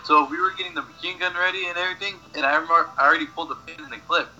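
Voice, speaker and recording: Bright-voiced young man telling stories. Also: a little high, steady tone, racing, dull audio, soft background music. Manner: rambling, swears a lot, laughs at own stories. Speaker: podcast regular. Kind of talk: casual chat, storytelling.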